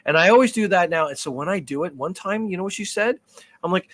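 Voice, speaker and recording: A man's voice: high-pitched, quick pace. A man co-hosting a podcast in casual chat, telling stories with lots of energy and frequent swearing. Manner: animated storyteller, swears freely. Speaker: podcast co-host.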